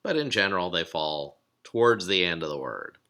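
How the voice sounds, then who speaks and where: A man teaching a recorded lesson, explaining patiently with frequent pauses and fillers. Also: sits low, big pitch swings, sharp tone, clear, resonant tone. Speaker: biblical Hebrew teacher.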